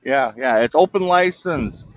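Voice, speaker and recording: A man's voice: mid-range voice, lively intonation, unhurried, no echo. Chatty man on dull, dry audio. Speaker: guest chatting on stream. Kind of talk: casual chat.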